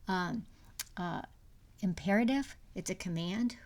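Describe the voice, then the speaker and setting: A middle-aged woman giving a recorded grammar lecture, her voice carrying a gravelly fry. She explains step by step, stopping for fillers and restarts and sometimes dropping to a near-whisper. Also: medium pitch, unhurried, a little mellow. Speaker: university English instructor.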